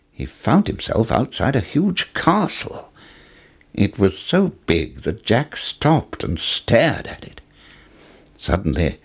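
A man narrating a children's storybook at an unhurried pace, his voice lifting and falling with the action. The tone is low and husky, with plenty of pitch movement to keep the tale lively. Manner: expressive, rising with the action. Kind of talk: storybook read-aloud narration.

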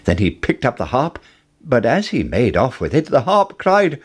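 A man narrating a fairy tale in an expressive, sing-song storybook manner. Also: medium pitch, normal speed, husky.

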